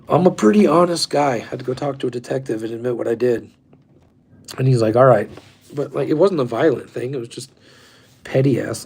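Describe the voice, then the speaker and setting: A man's voice: mid-range voice, creaky, darkish tone. A man in his forties hosting a livestream, talking in a rambling, profane and fired-up way. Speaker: livestream host. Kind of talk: rambling casual chat.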